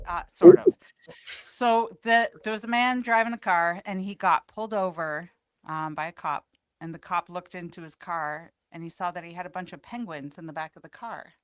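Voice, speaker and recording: A woman's voice: on the low side, normal speed, clear, resonant tone, no room sound. Woman telling a joke on radio. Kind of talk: casual radio chat.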